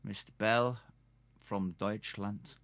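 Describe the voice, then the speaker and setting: A man's voice: lowish voice, fairly even intonation, slow, a bit bright, no echo. A man with a Geordie accent, hosting a live stream and chatting in a rambling, self-mocking way to his viewers. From North East England. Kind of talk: casual chat to viewers.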